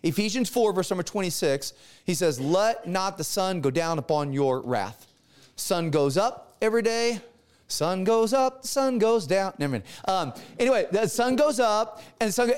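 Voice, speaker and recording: A middle-aged male pastor telling a story in a sermon, acting out the dialogue with lively energy. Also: high-pitched, clear, resonant tone.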